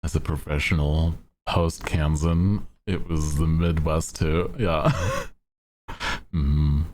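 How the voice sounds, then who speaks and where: A man's voice: very deep voice, slow pace, darkish tone. A male streamer chatting casually in a laid-back, slangy way and laughing often.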